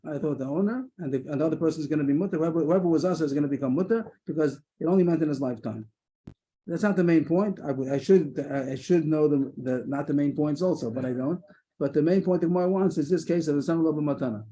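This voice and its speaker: A man's voice: on the high side, warm tone, a little hiss or hum. A man leading a Talmud study session over a video call, thinking aloud with frequent restarts. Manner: hesitant, many restarts, quick asides. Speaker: Talmud lesson leader.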